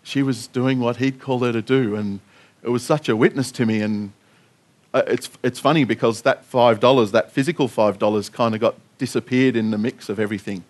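A man's voice: mid-range voice, steady tone, brisk. A man speaking as a pastor, giving an earnest sermon testimony, telling a story with frequent restarts.

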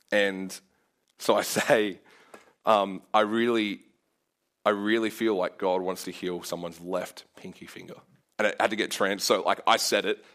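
A young man preaching a sermon, telling a story casually with lots of filler words and growing animated as he acts out his own prayers. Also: sits low.

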